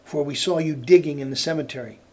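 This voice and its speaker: Kind, firm old judge in a storybook tale, read by a male storyteller; slightly high voice. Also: quick pace, close to an everyday voice. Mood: earnest.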